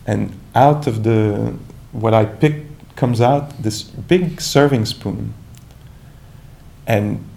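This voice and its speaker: A man giving a calm, reflective dharma talk as a meditation teacher, searching for words with many restarts and asides. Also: lowish voice, extremely slow, creaky.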